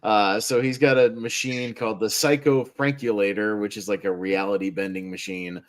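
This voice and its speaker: A man's voice: fairly low pitch, steady tone, moderate pace. A man on a movie podcast, chatting casually and recapping the plot in a rambling way with frequent laughs. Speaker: podcast panelist.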